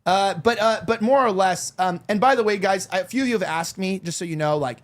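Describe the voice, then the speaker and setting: A man's voice: sits high, fairly quick. A man in his thirties hosting a talk show, chatting candidly and rambling with lots of fillers and restarts. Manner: candid, confiding tone. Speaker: show host. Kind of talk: casual chat.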